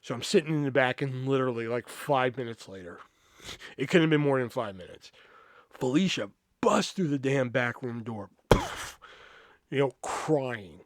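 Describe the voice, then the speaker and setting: A man hosting a podcast, telling a story in a casual, animated, profane way and acting out the quoted voices. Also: mid-range voice, a little slow, no echo, studio quality. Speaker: podcast host.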